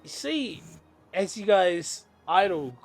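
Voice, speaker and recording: A man's voice: sits high, big pitch swings, takes it slowly. A man narrating as game master of a tabletop game, meandering and often correcting himself.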